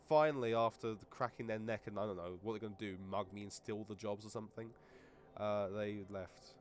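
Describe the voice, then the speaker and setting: A man's voice: on the low side, fairly even intonation, a little fast, slight background noise. A man co-hosting a podcast, telling rambling stories full of crude jokes in casual chat. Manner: rambling, crude jokey storytelling. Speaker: podcast co-host.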